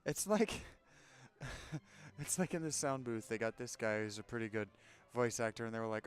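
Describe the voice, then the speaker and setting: A man's voice: medium pitch, moderate pace, clear, resonant tone. A man hosting a gaming channel, making sarcastic, joking comments while playing a game. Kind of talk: casual let's-play commentary. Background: game music.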